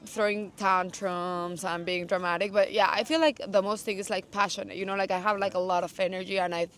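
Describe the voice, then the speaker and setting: A young woman from Mexico, a guest in a casual interview, talking in a lively, passionate way full of "like". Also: medium pitch, fairly quick. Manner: animated, passionate, says "like" a lot. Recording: noisy, without a mic.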